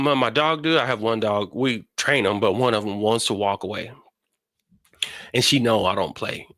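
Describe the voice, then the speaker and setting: Animated man telling stories, dry sound. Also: dry recording. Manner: animated storytelling, acts out family quarrels in a high voice. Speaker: host. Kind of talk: casual spiritual talk.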